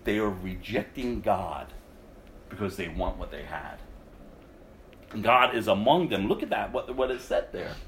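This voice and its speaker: A man preaching a sermon, reading scripture aloud and then commenting, swinging from loud outbursts to hushed, intense lines. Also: lowish voice, lively intonation, a little slow, pauses often, roomy sound, a little hiss or hum, low-quality recording. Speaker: pastor.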